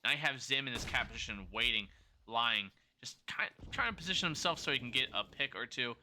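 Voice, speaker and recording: A man casting an esports match on his own, his voice very bright and cutting even though his throat is sore. He calls the action in quick play-by-play bursts, fixes his own slips and chats with viewers between rounds. A faint noise sits under his home mic. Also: medium pitch. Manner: rapid play-by-play with self-corrections and chat banter. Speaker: esports caster. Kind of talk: solo play-by-play commentary, chatting with live chat.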